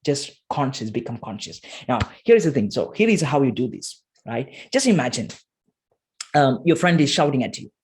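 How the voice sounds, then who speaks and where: A man giving a motivational talk with a short guided exercise, emphatic and repetitive, slowing to soft guiding tones. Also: medium pitch, big pitch swings. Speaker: motivational speaker.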